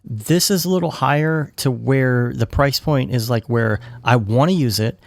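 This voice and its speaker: A man's voice: mid-range voice, moderate pace, vocal fry, no room sound, clean studio sound. A man co-hosting a podcast, chatting casually and joking with frequent restarts. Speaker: podcast co-host. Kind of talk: casual chat.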